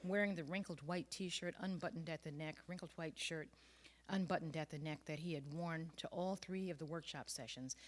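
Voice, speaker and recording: A woman author reading her own personal essay aloud in a measured, earnest way. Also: sits low.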